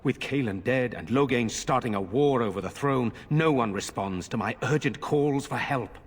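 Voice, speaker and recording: An actor playing an earnest nobleman in a video game, speaking in a formal, measured way. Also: medium pitch, slightly rough, natural voice. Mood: grave. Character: grave noble lord, older brother, earnest man. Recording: long reverb.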